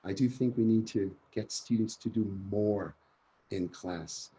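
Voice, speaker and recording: A man's voice: lowish voice, a little slow, poor audio. A man training teachers in an online conference talk, speaking energetically and often checking in with "yeah?". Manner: energetic, keeps asking "yeah?". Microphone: video call.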